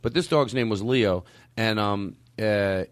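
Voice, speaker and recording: A man hosting a comedy podcast, chatting casually and joking in an animated way. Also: measured pace. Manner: animated, jokey, breaks into silly high voices. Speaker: podcast host.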